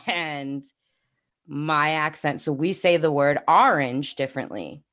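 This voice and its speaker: A woman's voice: low-pitched, slow, fairly bright tone. A woman in her thirties from New York with a New York accent, co-hosting a podcast and chatting casually on a livestream, rambling and laughing often. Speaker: podcast co-host.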